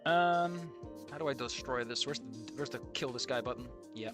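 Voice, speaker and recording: A young man streaming a game and ranting, excitable and swearing, jumping from loud outbursts to low muttering. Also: normal speed, music in the background. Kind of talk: live reaction commentary.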